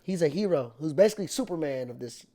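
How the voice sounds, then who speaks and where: An animated man from Los Angeles chatting as a podcast guest, with a voice set a little higher than most men's. He talks with enthusiasm and leans heavily on slang. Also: quick pace. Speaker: guest actor. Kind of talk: casual podcast chat.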